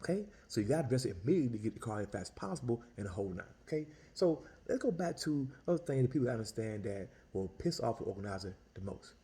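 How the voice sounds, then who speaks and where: A man's voice: medium pitch, fast talker, hardly any pauses. A man who sells Italian ice tells a story as a casual, exasperated rant, full of restarts and repeated words. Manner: animated, exasperated, lots of restarts and repetition.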